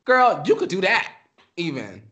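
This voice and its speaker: Woman co-host, sassy and emphatic, lively up-and-down delivery. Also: on the low side, a little slow. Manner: sassy, emphatic, says "girl" a lot. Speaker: podcast co-host. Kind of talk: casual chat.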